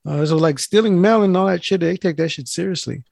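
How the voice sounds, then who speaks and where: A man tells a story in loose, casual chat, cursing often and jumping into the voices of the people he describes. His voice sits a little high. It is recorded close and dry, with no room sound. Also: fairly quick, vocal fry, darkish tone, no room sound. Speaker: mail carrier telling a story.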